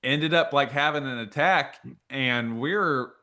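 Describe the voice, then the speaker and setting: Bright-voiced male podcast host. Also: mid-range voice, slow. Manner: joking, stumbling restarts. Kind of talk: casual chat.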